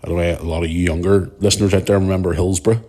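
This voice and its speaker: A man talks alone into his podcast mic. His voice sits very low and sounds husky and rough. He rambles and gets emotional, and he swears freely. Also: fairly even intonation, very fast, dark tone. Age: 40s. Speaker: podcast host. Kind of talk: casual monologue.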